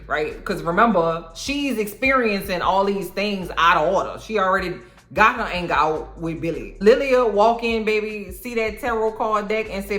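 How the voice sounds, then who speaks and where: A woman recapping a TV episode in casual slang, acting out the characters' lines in an animated storytelling style. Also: mid-range voice, normal speed, reverberant. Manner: slangy, cursing, talks straight to viewers. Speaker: TV recap host.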